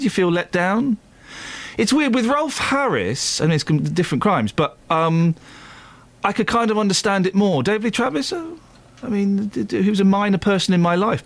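A man's voice: high voice, no room sound. A man hosting a radio show, chatting in a playful, self-mocking way from a studio. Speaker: radio host. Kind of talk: casual radio chat.

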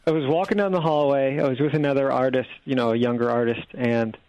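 A man's voice: mid-range voice, fairly even intonation, quick pace, darkish tone, no echo, lo-fi sound. Enthusiastic man telling a story. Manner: enthusiastic, storytelling, laughs easily. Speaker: podcast guest. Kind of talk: casual chat.

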